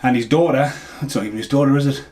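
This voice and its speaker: A man's voice: mid-range voice, very fast, darkish tone. A man giving a casual, rambling film review, swearing freely and laughing at his own jokes. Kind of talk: casual movie review rant.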